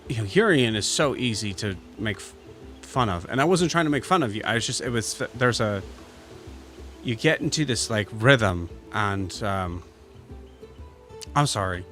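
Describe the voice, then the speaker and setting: A man's voice: on the low side, animated, a bit bright, soft background music. Man playing a sheepish shopkeeper woman, faint Irish lilt. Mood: apologetic. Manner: rambling, apologetic, halting. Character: sheepish female shopkeeper apologizing.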